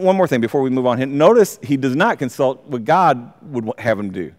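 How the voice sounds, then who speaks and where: A man leads a verse-by-verse Bible study, reading scripture aloud and commenting on it, often stumbling and repeating words. His mid-range voice is fairly quick, with lively intonation and a darkish tone, and a long hall reverb surrounds the recording.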